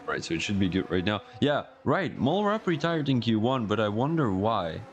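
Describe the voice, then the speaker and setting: The audio is dull with a little hiss or hum, carrying a man's lowish voice that swings widely in pitch at a moderate pace. On his live stream he gives rambling, chatty commentary on a sim racing league, talking to the chat and joking about himself.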